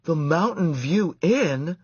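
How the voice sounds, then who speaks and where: A man's voice: fairly high pitch, expressive, slow pace, a little mellow, breathy edge, no room sound, muffled recording, pitched above the performer's own voice, exaggerated voice. A man voicing a curious young boy who speaks in a raised voice. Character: curious young boy, doubtful then amazed.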